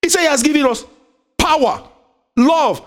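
A man preaching a sermon, often asking the congregation to finish his sentences. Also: normal speed. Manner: call-and-response, asks the congregation "what?"; swings between loud high exhortation and low quiet asides.

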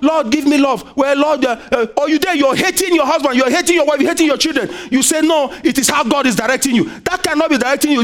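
A man preaching a sermon, often asking the congregation to finish his sentences. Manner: call-and-response, asks the congregation "what?"; swings between loud high exhortation and low quiet asides.

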